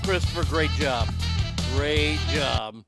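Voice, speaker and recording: A man's voice: on the high side, takes it slowly, gravelly, loud music behind the voice. A man hosting a casual show, ranting sarcastically with lots of profanity. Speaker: podcast host.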